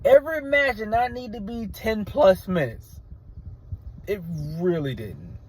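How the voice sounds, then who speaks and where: A man's voice: sits high, animated, measured pace, slight background noise. A man giving a casual, blunt and rambling review of a wrestling show, often restarting his sentences.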